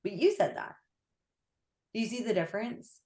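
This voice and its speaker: A woman's voice: mid-range voice, normal speed, darkish tone. A young woman coaching a client on a call, chatty and full of fillers. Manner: chatty, filler-heavy, lots of "like". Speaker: business coach.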